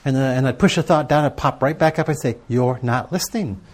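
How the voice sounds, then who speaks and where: A man's voice: mid-range voice, fairly quick, darkish tone. Man preaching in a conversational tone. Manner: conversational storytelling with rhetorical questions. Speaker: preacher teaching on prayer and journaling. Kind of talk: sermon to a live audience.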